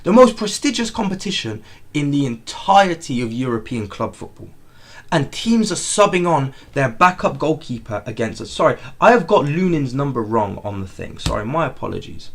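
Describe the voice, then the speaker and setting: A young man hosting a live football watchalong, excitable and repetitive, swinging from outraged exclamations to low muttering. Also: moderate pace, vocal fry, slight background noise. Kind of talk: live match watchalong commentary.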